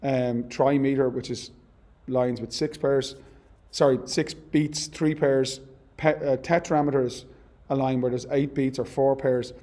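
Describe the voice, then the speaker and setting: A male teacher with a mellow, warm voice talks through a poem in a relaxed classroom manner. He explains terms conversationally, correcting himself as he goes, and slows right down to read verse lines aloud with care. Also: medium pitch. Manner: reads poem lines slowly and deliberately. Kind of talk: literature lesson.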